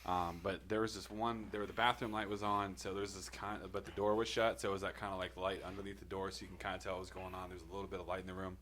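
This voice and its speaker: A man with a very deep voice tells a story on a podcast in a loose, meandering way, swearing freely and laughing between lines. Faint room noise sits behind him. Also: flat delivery, fast, hardly any pauses, a bit bright. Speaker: podcast co-host telling a personal story. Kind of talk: casual storytelling.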